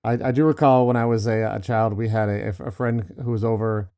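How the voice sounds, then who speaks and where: A middle-aged man with a mellow, warm tone co-hosts a podcast in casual chat. He jokes drily and wryly and tells unhurried anecdotes. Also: fairly low pitch, fairly even intonation. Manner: dry, wry joking. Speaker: podcast co-host.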